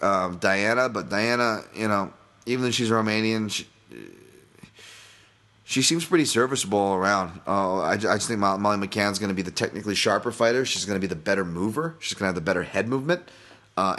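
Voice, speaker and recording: A man's voice: on the low side, pushed and bright. A man hosting a solo podcast, talking casually and rambling, with frequent swearing and self-interruptions. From Boston. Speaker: podcast host.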